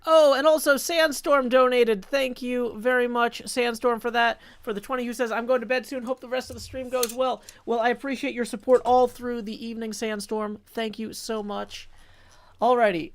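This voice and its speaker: A man's voice: very high voice, flat delivery, moderate pace, clean tone, no room sound. Chatty man streaming live. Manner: chatty, thinks aloud, reads viewer chat. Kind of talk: casual live-stream chat.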